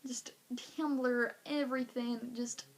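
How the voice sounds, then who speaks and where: A woman's voice: on the high side, slow pace. A woman vlogging, telling a story casually and acting out everyone's reactions with plenty of "like". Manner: animated, acting out reactions, lots of "like".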